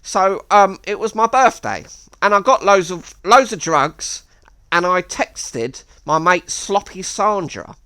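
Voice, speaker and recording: A man's voice: high voice, slow pace, sharp tone, voice pushed up, full character voice. A man putting on a rowdy, squawking drunk. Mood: boastful. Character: rowdy drunk middle-aged man, erratic and boastful.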